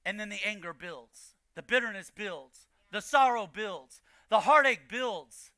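A man preaching a sermon as pastor, building to shouted emphasis and repeating key lines. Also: sits high, lively intonation, a little slow, dry recording, studio quality. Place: church.

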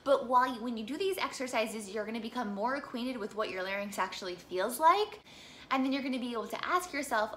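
A woman's voice: a little high, expressive, quick pace, fairly bright tone, slight background noise. A young woman from the Midwest teaching a singing lesson, chatty and encouraging as she walks through vocal exercises. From American Midwest.

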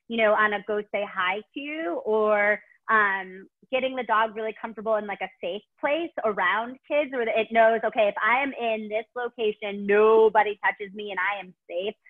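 A woman with a Chicago accent, a dog trainer answering webinar questions in a gushing, rambling way with many ums. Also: a little high. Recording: tinny phone-like call audio.

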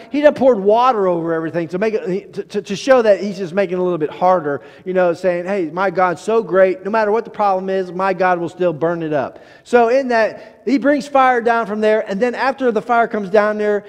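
A man with a high voice preaching, storytelling with animation and acting out the quotes. He often restarts his phrases. His voice rings with long reverb. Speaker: pastor. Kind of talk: sermon.

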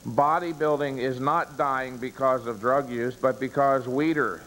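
A man's voice: medium pitch, steady tone, a little slow, fairly bright tone, a little hiss or hum. A man giving a live seminar lecture, emphatic, stressing key words and answering his own rhetorical questions. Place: seminar room with an audience. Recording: reverberant room, long echo.

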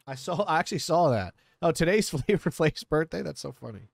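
A male streamer chatting casually and excitedly while playing a game, often swearing when surprised. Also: a little high, fairly quick, gravelly, no echo. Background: game music.

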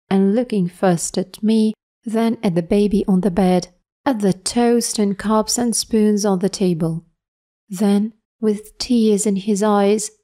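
Mellow-voiced woman reading a story. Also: mid-range voice. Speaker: narrator. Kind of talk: scripted story narration for English learners.

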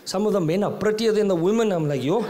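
A man's voice: high voice, quick pace. A South African man doing live stand-up comedy. He tells stories with lots of energy and mixes Afrikaans slang into his English. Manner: animated storytelling, mixing Afrikaans slang into English.

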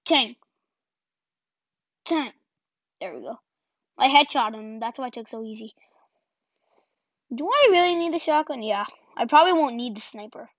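High-voiced excitable woman gaming, dry lo-fi sound. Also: normal speed, pauses often, no echo. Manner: excitable, self-deprecating, yelps and repeats words in bursts. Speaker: gaming channel host. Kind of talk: casual gameplay commentary. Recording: dull lo-fi home recording.

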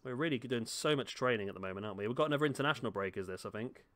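A man's voice: mid-range voice, expressive, rapid-fire, fairly bright tone. Guy chatting thru a football game at home, jokey, talks to the players on screen. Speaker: gaming YouTuber. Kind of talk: casual gameplay commentary. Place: home room.

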